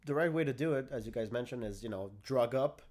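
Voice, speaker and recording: A man's voice: mid-range voice, fast talker, a little mellow. A man co-hosting a casual gaming podcast, bluntly explaining game tactics and swearing freely. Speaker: podcast co-host.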